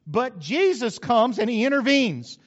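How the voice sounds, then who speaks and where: A middle-aged man preaching a sermon as pastor, animated, acting out quotes with sudden loud bursts. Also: extremely high pitch, a little slow. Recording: muffled recording in a reverberant hall.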